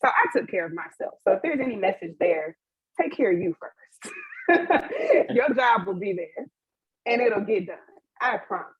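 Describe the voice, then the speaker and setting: A young woman speaks candidly on a webinar panel, her voice husky and breathy. The sound is dry and narrow like a phone line, recorded over a video call. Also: mid-range voice, wildly swooping pitch, moderate pace, no room sound. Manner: open and emotional, with frequent laughs and fillers.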